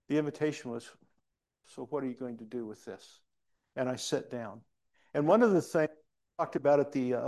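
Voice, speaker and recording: A man's voice: medium pitch, warm tone. A male pastor preaching a sermon in a church, telling a story earnestly with frequent restarts.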